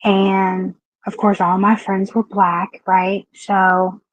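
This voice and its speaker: A mid-range voice with a completely flat, slow delivery belongs to a Southern livestream talk show host from Southeastern Kentucky. Chatty and frank, she greets viewers by name in casual conversation over muffled, dry home audio with no room sound.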